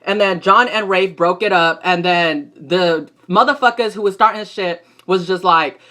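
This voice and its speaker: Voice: mid-range voice, moderate pace, bright, forceful tone. A young adult recapping a soap opera episode in a casual vlog, talking in a gossipy, slangy and profane way. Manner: gossipy, profane and slangy, talks back at the characters.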